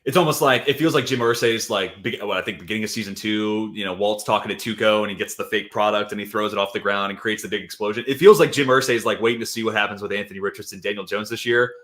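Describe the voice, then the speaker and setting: A man's voice: fairly low pitch, fairly even intonation, a bit bright. A man co-hosting a football podcast, talking loosely and throwing in "dude" and "like" as he goes. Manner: quick, loose, peppered with "dude" and "like". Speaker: fantasy football podcast co-host. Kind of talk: casual sports chat.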